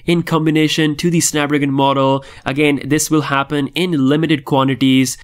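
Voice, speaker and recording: A man hosting a tech news vlog, delivering scripted updates in an upbeat, enthusiastic way. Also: a little high. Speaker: tech channel host.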